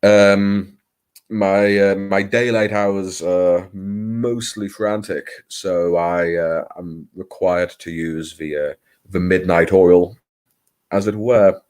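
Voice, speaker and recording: A man's voice: low voice, fairly even intonation, slow, darkish tone, clean tone. A man hosting a late-night livestream, chatting casually in a rambling, self-deprecating way with many hesitations, talking into his computer mic at home. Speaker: livestream host.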